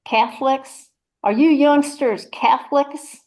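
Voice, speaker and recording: A woman's voice: high voice, fairly even intonation, slow, dull audio. A woman voicing a chatty, churchgoing rural mama, rambling in a folksy, motherly way. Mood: chatty, gossipy. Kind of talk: one-woman audio play reading.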